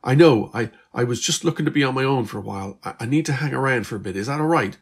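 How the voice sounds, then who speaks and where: A man voicing a teenage girl from the future, anxious and stammering, in a husky voice. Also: medium pitch, quick pace, voice pushed up.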